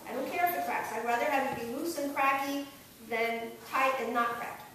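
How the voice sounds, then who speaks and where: A woman vocal coach with a high voice gives encouraging, demonstrative directions and sometimes sings a line to show how. She is recorded from a distance in a very echoey room. A steady noise sits behind her. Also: brisk. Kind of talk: singing lesson coaching.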